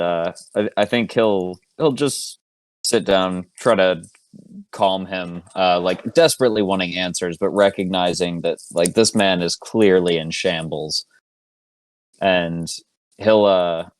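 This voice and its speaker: A man with a very low voice, talking as a player in an online tabletop game. He thinks aloud hesitantly, and the sound is dry and close. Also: no echo. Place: home, online call.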